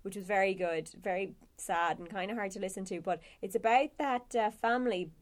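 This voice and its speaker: Woman, podcast co-host, casual chat, rambling, easy laugh, medium pitch. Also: a little fast. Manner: chatty, rambling, laughs easily.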